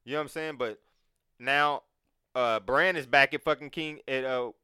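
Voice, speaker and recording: Guy chatting casually, bright clear voice, lots of cussing, acts out what people say. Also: medium pitch, moderate pace, dry recording, studio quality. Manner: animated, profane, acts out quotes. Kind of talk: casual chat.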